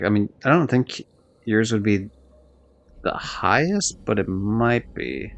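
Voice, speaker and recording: A man streaming a video game live, chatting loosely and rambling, swearing now and then. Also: deep voice. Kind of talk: casual live-stream chat while gaming.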